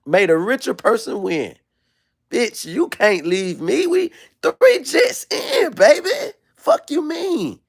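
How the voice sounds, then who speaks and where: A man putting on the voice of a famous athlete, an indignant husband pleading with his wife in a high, shouting voice. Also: big pitch swings, slow, creaky, heavily acted. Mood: outraged.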